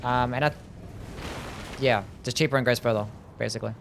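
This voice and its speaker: A man in the middle of a live game stream, talking to his chat at an ordinary, mid-range pitch. He speaks loosely and offhandedly, with casual swearing and laughter mixed in. A faint noise sits under his voice. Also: fairly even intonation, fairly quick, creaky, a bit bright. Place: home streaming setup.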